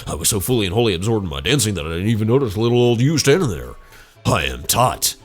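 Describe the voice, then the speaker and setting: A man's voice: lowish voice, big pitch swings, fast, breathy edge, faint music behind. Tot, a man doing a flamboyant dancer. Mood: theatrical. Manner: theatrical and grandiose. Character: flamboyant vain male dancer. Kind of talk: let's play voicing game dialogue.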